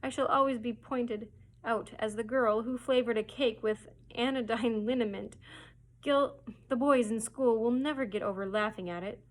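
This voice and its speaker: A woman's voice: on the high side, steady tone, moderate pace, lightly acted. A woman voicing an imaginative, dramatic orphan girl who pleads breathlessly. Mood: despairing.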